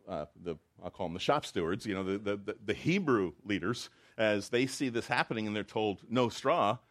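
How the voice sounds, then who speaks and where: Guy preaching a chatty bible sermon, lowish voice, acts out the quotes with feeling. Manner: conversational, acts out quotes with rising emotion. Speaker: pastor.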